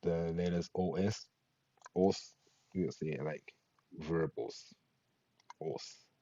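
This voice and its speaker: Slow, low, husky male Latin teacher. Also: steady tone, dark tone, no room sound. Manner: slow, patient, spells out sounds. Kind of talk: pronunciation lesson. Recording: dull lo-fi recording.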